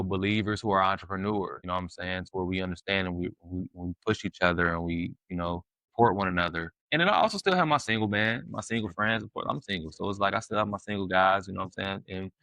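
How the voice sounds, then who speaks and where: Low-voiced man, animated and preachy. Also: fast talker, no echo. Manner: animated, acts out prayers, lots of "you know what I'm saying". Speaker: guest. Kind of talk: casual faith-based conversation.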